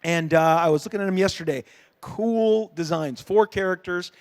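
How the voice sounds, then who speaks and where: A man's voice: high voice, moderate pace. A middle-aged man on a convention panel telling a story in casual, rambling style, full of fillers and restarts, acting out the people he quotes. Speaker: comic creator on a convention panel.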